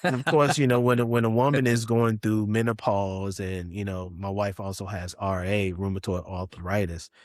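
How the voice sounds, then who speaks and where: Low-voiced man, animated storyteller. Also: moderate pace, dry recording, clean studio sound. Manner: animated, acts out other people's voices with big pitch jumps. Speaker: podcast guest. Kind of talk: candid personal storytelling.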